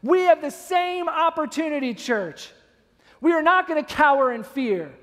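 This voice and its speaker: A man, a pastor, preaching a sermon with animated storytelling, acting out scenes. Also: very high-pitched, moderate pace, in a large hall. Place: church sanctuary.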